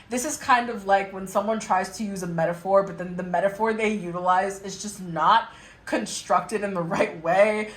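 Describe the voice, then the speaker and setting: A woman's voice: mid-range voice, reverberant, poor audio. A young adult woman giving a casual tarot reading to her viewers, chatty and blunt, laughing and swearing as she acts out exasperated remarks. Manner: acts out exasperated quotes in a mocking voice. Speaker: tarot reader.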